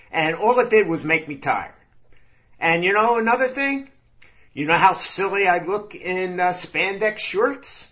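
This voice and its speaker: A man's voice: fairly high pitch, a bit bright, muffled recording. A man voicing a whiny middle-aged patient with a bad heart who protests and pleads his way out of exercise. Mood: grumbling.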